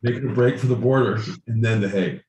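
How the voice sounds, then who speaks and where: A man co-hosting a podcast in casual comedic chat, playful and quick to laugh. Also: medium pitch, a little mellow, roomy sound, slight background noise. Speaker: podcast co-host.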